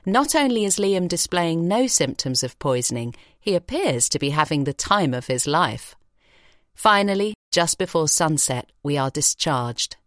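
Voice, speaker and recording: A woman reading an audiobook story in a measured, expressive way in a recording studio. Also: low-pitched, dry recording. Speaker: audiobook narrator. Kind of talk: scripted narration. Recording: dry studio sound.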